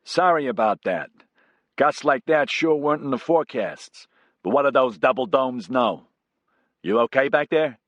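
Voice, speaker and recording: A man voicing a brash, joking male American helicopter pilot who teases loudly, in an American accent. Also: mid-range voice, lively intonation, moderate pace, no echo, dull audio, pitched above the performer's own voice, close to an everyday voice. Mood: joshing. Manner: teasing, loud.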